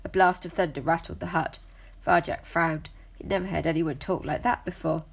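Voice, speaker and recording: A woman reading a children's novel aloud as narrator, steady and measured. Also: fairly low pitch, creaky, breathy edge.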